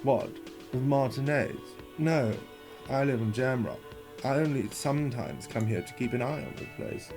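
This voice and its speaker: A man's voice: medium pitch, expressive, moderate pace, vocal fry, voice pushed up. A man voicing a grumpy, defensive middle-aged male cafeteria manager in a video game, with music behind. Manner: defensive, curt.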